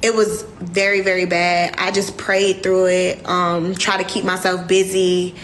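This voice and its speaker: A woman's voice: on the low side, little pitch movement, measured pace, fairly bright tone, a little hiss or hum. A young woman, hosting a casual livestream and speaking candidly and emotionally to her viewers. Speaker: livestream host.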